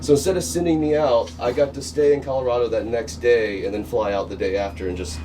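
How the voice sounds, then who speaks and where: A man, a guest in a casual chat, telling a story animatedly, swearing and getting loud at the punchlines. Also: mid-range voice, fairly even intonation, fast talker. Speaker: guest, pitcher. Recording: far from mic with faint noise.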